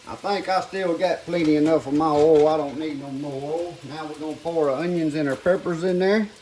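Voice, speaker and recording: An older man with a drawl and a fairly high voice talks through a home cooking demonstration. He keeps it folksy and addresses his viewers directly. A faint sizzle of frying and pots clatters behind him. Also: brisk, darkish tone, a little hiss or hum. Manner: folksy, talks to viewers as "guys" while working. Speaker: home cook. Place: home kitchen.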